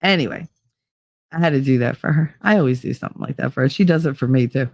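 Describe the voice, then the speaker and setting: A woman in her fifties hosts a casual livestream chat from home, speaking fast in a bass voice. She is blunt, swears freely and greets viewers with pet names. The recording is dry, with clean studio sound.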